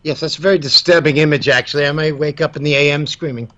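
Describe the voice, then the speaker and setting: An English man co-hosts a casual comedic webcam stream, his speech muffled by the webcam microphone. His voice is a little high, bright, forceful, and quick with fairly even intonation, and he banters in a dry, mock-formal way, repeatedly addressing his co-host by name.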